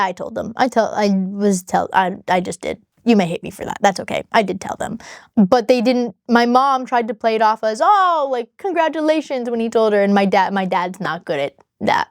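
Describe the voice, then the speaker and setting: A woman's voice: mid-range voice, dry recording, clean studio sound. A woman telling her own story on a vlog in a frank, exasperated way, talking straight to the viewer.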